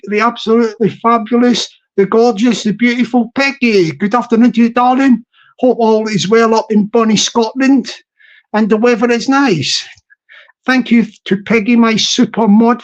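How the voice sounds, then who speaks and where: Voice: medium pitch, lo-fi sound. A livestream host giving casual commentary to chat viewers, rambling and repeating phrases with many restarts. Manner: effusive greetings to chat viewers.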